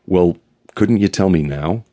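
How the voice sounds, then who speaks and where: A male audiobook narrator voicing a private investigator with a clipped, all-business manner who keeps his voice calm. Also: low-pitched, unhurried. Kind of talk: audiobook character voice.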